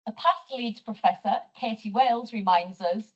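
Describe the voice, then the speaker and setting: Husky Teesside woman lecturing from afar. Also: a little high. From North East England. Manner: measured, explanatory lecturing. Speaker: sociolinguistics professor. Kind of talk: university lecture. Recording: distant mic, dull lo-fi sound.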